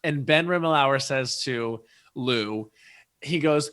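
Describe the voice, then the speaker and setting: A man who is a guest on a podcast, telling stories in casual chat with animated asides. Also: medium pitch, clean tone. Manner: animated storyteller, quick asides.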